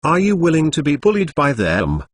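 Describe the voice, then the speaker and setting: A man's voice: on the high side, huge pitch swings, brisk, a little hiss or hum, voice pushed up. A goading young student , as a synthetic male narrator reads him. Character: scheming young male student, mocking and persuasive.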